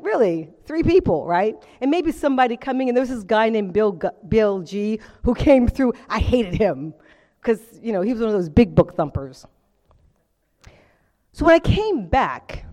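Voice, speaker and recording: A middle-aged woman giving a personal testimony to a recovery group, telling her story in an animated way with acted-out quotes and frequent laughter. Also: medium pitch. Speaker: speaker sharing at a recovery meeting. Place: meeting room with audience. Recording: reverberant meeting hall.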